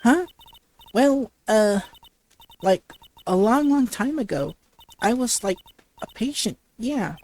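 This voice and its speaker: A woman voicing a ditzy young valley-girl woman, halting and stuttering through her lines full of fillers. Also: fairly high pitch, lively intonation, a little mellow. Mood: airheaded. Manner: halting reading with stutters and restarts.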